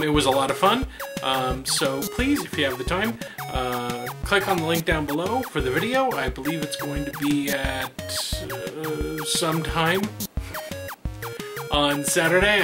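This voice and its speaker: A man's voice: fairly high pitch, expressive, unhurried, over loud music. Rambling male host making announcements. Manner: rambling, filler-heavy delivery. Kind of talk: casual announcements.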